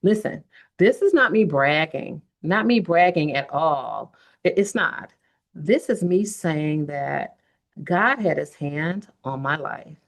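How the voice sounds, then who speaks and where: Earnest low-voiced woman in her fifties. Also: expressive, takes it slowly, gravelly. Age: 50s. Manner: earnest, heartfelt, addresses listeners directly. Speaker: podcast host. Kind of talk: personal storytelling podcast.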